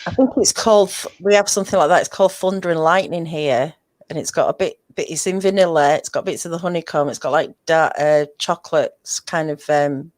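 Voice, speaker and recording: A woman's voice: sits low, a little fast, a little mellow, no echo. A woman hosting a casual chat show, talking in a rambling, chatty way. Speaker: podcast host.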